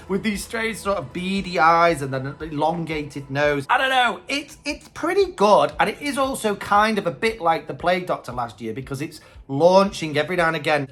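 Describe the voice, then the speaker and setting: A man's voice: fairly high pitch, a bit bright. A man hosting a casual video review, chatting with hesitant opinions. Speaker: host.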